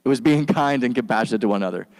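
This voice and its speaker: A man preaching a sermon as pastor, in a relaxed, slangy, conversational way, and he sometimes acts out quick lines for the people in his stories. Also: mid-range voice. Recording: long hall reverb.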